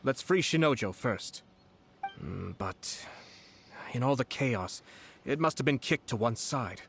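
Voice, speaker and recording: An actor playing a composed young noble commissioner in a video game, measured and formal. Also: male voice, medium pitch, animated, gravelly, slight background noise. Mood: calm.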